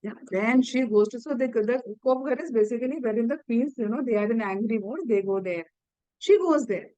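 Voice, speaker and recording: A woman with an Indian English accent retells an epic as a lesson, in a high voice. She halts, repeats words and uses many fillers. The recording is dry and close. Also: a little fast, dark tone, dry recording, dull audio. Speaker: teacher. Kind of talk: storytelling lesson.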